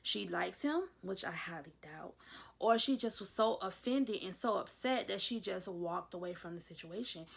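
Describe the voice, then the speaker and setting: A woman's voice: mid-range voice, gravelly, fairly bright tone. A young woman chatting casually through a TV episode recap as a reviewer, retelling scenes with gossipy asides. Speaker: YouTube reviewer.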